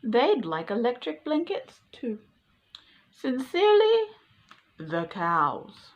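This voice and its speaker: A woman's voice: fairly high pitch, huge pitch swings, slow, lo-fi sound, voice pushed up, heavily acted. A woman voicing cheeky cows writing a demanding note, in a prim sing-song way.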